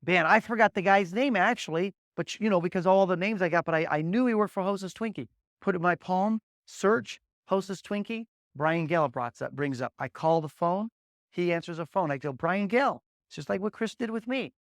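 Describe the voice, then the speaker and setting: Man, high voice, motivational sales trainer, energetic storyteller, dry close sound. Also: fairly quick, no echo. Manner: energetic storyteller, drills points with repeated "guess what" and "okay?"; blunt, punchy coaching delivery. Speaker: agency leader training new agents.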